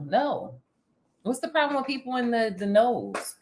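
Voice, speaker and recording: A woman hosting a casual chat, animated and talkative, laughing often. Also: mid-range voice, a little fast. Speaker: vlog host.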